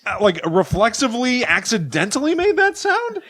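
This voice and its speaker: A man's voice: very high voice, wildly swooping pitch, moderate pace, a bit bright, breathy edge, dry recording. A man co-hosting a casual podcast, breaking in with jokey, quizzical questions. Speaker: podcast co-host. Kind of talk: casual chat.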